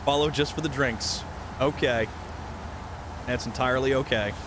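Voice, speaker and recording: Speaking at normal speed in a mid-range voice, a man streams a game live with background noise behind him. His talk is rambling and jokey as he chats casually and reads out viewers' messages.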